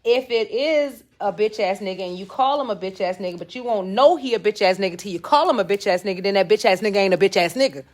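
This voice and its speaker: A young woman hosting a casual live chat, animated and laughing, acting out quotes in shifting voices. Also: mid-range voice, fast, few pauses. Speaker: host.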